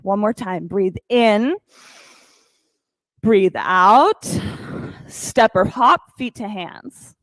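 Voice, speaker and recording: A woman teaching a yoga class, calmly counting breaths and cueing poses with encouragement. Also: mid-range voice, drawn-out words, pauses often, no room sound, low-quality recording. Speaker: yoga instructor. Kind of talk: guided yoga class cues.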